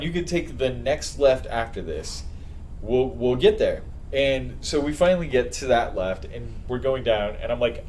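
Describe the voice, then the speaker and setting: A man co-hosting a podcast, telling a story in a casual chat, laughing and acting out quotes loudly. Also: mid-range voice, slight background noise. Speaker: podcast co-host.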